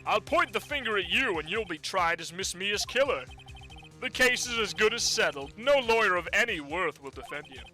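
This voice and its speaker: A man's voice: high voice, lively intonation, sharp tone, soft background music, heavily acted, low-quality recording. A man voicing a pompous, menacing rich company president in a fan game dub, condescending and theatrical. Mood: gloating. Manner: condescending, theatrical, drawn-out threats.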